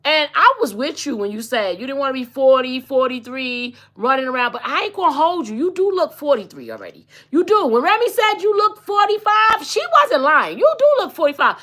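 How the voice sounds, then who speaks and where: Blunt sassy lady in her 40s gossiping on her podcast, high bright voice, lots of swing. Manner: blunt, sassy, slangy and chatty. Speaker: podcast host. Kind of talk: casual celebrity gossip commentary.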